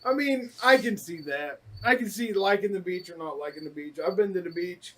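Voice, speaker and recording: A man's voice: high voice, fairly quick, a little hiss or hum. A man co-hosting a casual podcast, easygoing and often chiming in with agreement. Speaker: podcast co-host. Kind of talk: casual chat. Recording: voice a bit distant from the mic.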